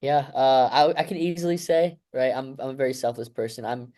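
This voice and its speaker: Man, thirties, mid-pitched, reflective interview guest, rambling and emotional, many fillers. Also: fairly even intonation, a little fast, dark tone. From United States. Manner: emotional, rambling, heavy fillers like "you know" and "right". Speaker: guest, Olympic wrestler.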